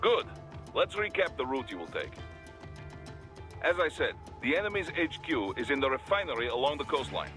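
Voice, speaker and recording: An actor playing a brisk male military commander who briefs a soldier. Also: mid-range voice, sing-song, a bit bright, soft background music. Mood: briefing.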